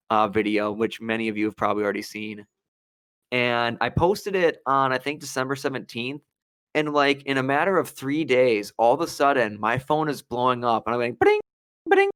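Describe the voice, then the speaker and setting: Casually chatting as a podcast co-host, a young man from Wisconsin tells a lively story and acts out what people said. His smooth, medium-pitched voice comes through clean studio sound with no room echo.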